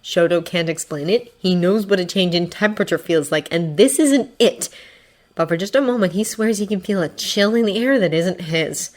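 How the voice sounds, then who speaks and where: A woman narrating fiction as an audiobook, expressive and voicing characters. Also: fairly low pitch, normal speed. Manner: expressive, acting out voices. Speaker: fanfiction reader.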